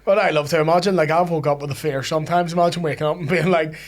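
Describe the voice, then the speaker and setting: A man's voice: on the high side, steady tone. A man, a comedian guest telling stories dryly in casual podcast chat. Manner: quick, dry storytelling with quoted bits.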